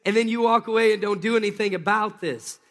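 A man with a high, light voice delivers an energetic sermon, calling out to the congregation and waiting for their answers. His words ring out with a long, reverberant tail, as in a large church hall. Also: fast talker. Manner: energetic, calls for crowd responses. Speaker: pastor. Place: church sanctuary.

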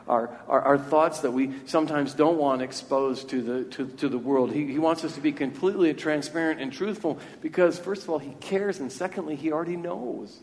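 A slightly mellow, mid-range male voice belongs to a pastor giving a sermon in a church sanctuary. He speaks earnestly and freely, often going back over words to restart a thought, and the recording has a long church reverb.

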